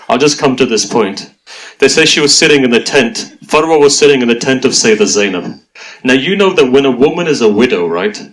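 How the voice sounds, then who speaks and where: A man's voice: medium pitch, fairly bright tone, rough recording. A man reciting a mourning sermon, emotional and full of rhetorical questions put to his audience. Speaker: religious speaker.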